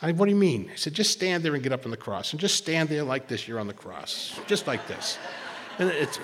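A man shares his testimony at a recovery meeting in a storytelling way. He acts out the lines of the people in his story and often doubles back on his words. His mid-pitched voice rings with the long reverb of a hall. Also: very animated, moderate pace, a bit bright, a little hiss or hum. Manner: storytelling, acts out quoted dialogue, repeats words. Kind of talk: personal testimony talk.

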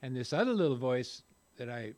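A man's voice: mid-range voice, sing-song, fairly quick, a little mellow. An older man speaking at a recovery meeting, telling folksy, rambling stories with self-deprecating humor. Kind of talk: personal recovery talk to a group.

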